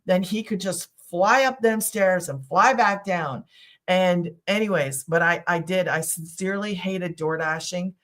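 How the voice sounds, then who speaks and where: A woman's voice: fairly low pitch, a little slow, a bit bright. A middle-aged woman hosting a casual live stream, telling a story in a rambling, chatty way full of asides. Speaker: online business host.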